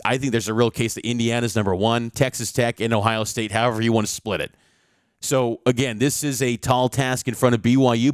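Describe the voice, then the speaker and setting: A man's voice: mid-range voice, clear, resonant tone, no echo, clean studio sound. A male sports reporter giving a confident, stat-heavy preview of a college football game.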